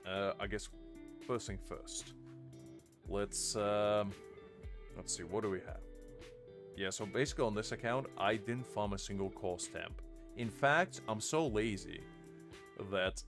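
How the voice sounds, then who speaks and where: A man chatting casually on a live game stream, rambling and laughing at himself. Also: lowish voice. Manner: rambling, self-mocking, laughs often.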